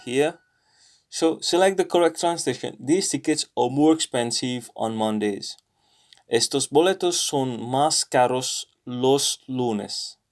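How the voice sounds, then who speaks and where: A man with a British accent walks through a language lesson out loud, thinking as he goes, pausing often and correcting himself. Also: medium pitch. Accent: British English. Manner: thinking aloud, explains patiently with many pauses and self-corrections. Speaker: language learner sharing lessons. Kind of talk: screen-recorded lesson walkthrough.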